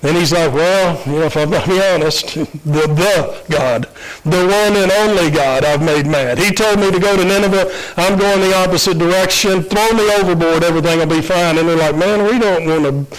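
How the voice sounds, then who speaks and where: Guy giving a laid-back sermon, kinda high voice, lots of ums and restarts. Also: normal speed, poor audio. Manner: casual and conversational, many fillers and restarts. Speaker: preacher. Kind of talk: informal sermon retelling a Bible story.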